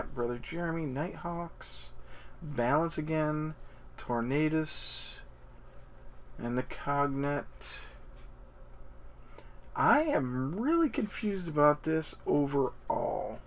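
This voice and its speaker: Male unboxing host, unhurried and gravelly, casual and hesitant, lots of ums. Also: fairly high pitch. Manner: hesitant, thinking aloud, many ums.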